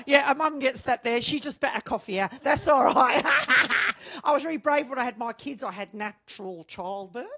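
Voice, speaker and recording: A woman with an Australian accent doing a bawdy stand-up comedy routine, loud and brash on her punchlines. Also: high-pitched, lively intonation, a little slow, gravelly, hardly any pauses. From born in England, raised in Australia.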